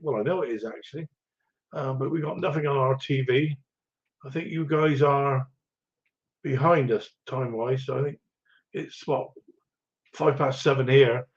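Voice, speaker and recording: A man's voice: a little high, a little mellow. Chatty man on a lo-fi stream. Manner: chatty, rambling, chuckling, many ums and restarts. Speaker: livestream host. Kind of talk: casual live chat reading viewer comments. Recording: dull lo-fi stream audio.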